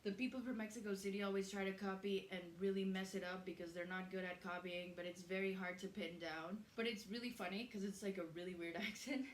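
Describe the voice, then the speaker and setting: A woman's voice: medium pitch, fairly even intonation, fast talker, hardly any pauses, a little hiss or hum. Chatty woman cooking in an echoey kitchen. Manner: chatty, swears freely, laughs easily. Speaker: cooking show host. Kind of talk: casual cooking vlog chat. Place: home kitchen. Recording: roomy kitchen echo.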